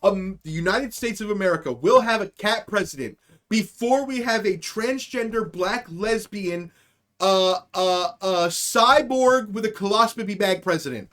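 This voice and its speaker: A man hosting a live stream, ranting in a loud, profane, excitable way and spinning absurd made-up stories for his chat, swinging between shouts and low mutters. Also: normal speed. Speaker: host of a live stream show. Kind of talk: casual comedic live-stream rant.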